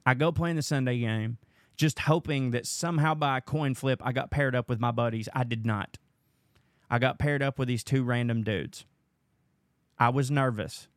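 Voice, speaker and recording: A man's voice: on the high side, no room sound, clean studio sound. A young man hosting a podcast, rambling through a profane, casual monologue. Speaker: podcast host.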